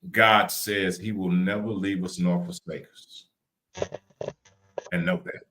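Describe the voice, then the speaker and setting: Animated man on a live podcast. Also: deep voice, slow, a little hiss or hum. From Louisiana, US. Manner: animated, preachy, repeats words. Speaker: podcast co-host. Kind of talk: casual live podcast chat. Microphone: video call.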